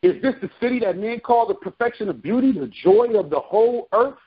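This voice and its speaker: A man's voice: high-pitched, lively intonation, a little fast, breathy edge, dull audio. A man preaching from scripture, reading verses aloud and breaking into casual slangy commentary. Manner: reads verses then breaks into slangy asides. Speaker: street preacher.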